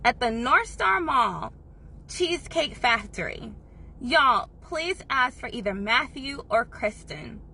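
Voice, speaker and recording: Bright high-voiced woman, effusive. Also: lively intonation, takes it slowly, slight background noise. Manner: earnest, emotional, effusive. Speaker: vlogger. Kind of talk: casual storytelling to camera.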